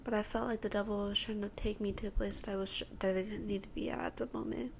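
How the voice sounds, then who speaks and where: A fast-talking teen girl from Texas hosts a podcast in a mid-range, level, darkish voice, accompanied by a little hiss or hum. In rambling fashion she shares a personal testimony, acting out both her words and others'.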